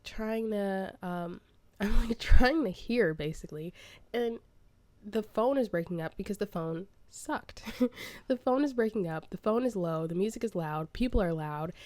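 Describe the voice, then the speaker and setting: A young woman vlogging at home, telling a story as she plays a building game. She talks in a chatty, animated way and laughs often. Her voice sits in a middle register and sounds dry and close. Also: mid-range voice, no room sound. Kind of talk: casual storytime while playing a building game.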